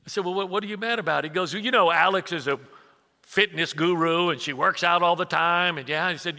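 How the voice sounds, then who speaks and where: A man, preaching a conversational sermon full of stories, swinging from hushed asides to loud bursts. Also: on the high side, quick pace, vocal fry. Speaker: pastor. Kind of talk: sermon with storytelling. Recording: reverberant church hall.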